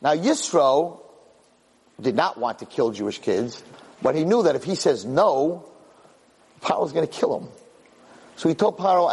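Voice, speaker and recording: A middle-aged man giving an impassioned Torah talk, telling stories and acting out quotes in a husky voice. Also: a little high, lively intonation, a little slow, pauses often, a little mellow, in a large hall, rough recording. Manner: storytelling, acts out quotes, impassioned. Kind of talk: animated Torah class.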